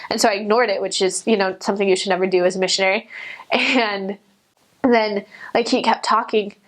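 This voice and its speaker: A woman's voice: mid-range voice, fairly quick. Chatty young woman telling a story. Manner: chatty, animated, many "like" fillers, acts out quotes in a raised voice. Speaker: returned missionary. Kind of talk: personal storytelling.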